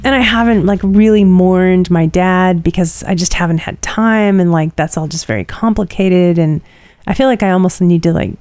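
A woman's voice: lowish voice, moderate pace, a little mellow, dry recording. A middle-aged woman, tired, co-hosting a casual chat and telling a rambling personal story. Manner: rambling and chatty, many fillers.

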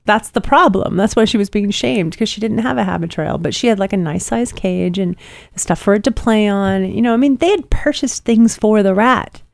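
Woman podcast co-host, gravelly edge, dry close mic, lively swearing storyteller. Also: mid-range voice, normal speed, no room sound. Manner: animated storytelling, swears freely. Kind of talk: casual chat.

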